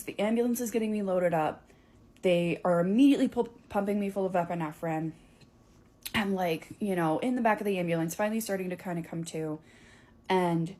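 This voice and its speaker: Young woman, casual animated storytelling voice, mid pitch. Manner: animated, chatty, filler-heavy.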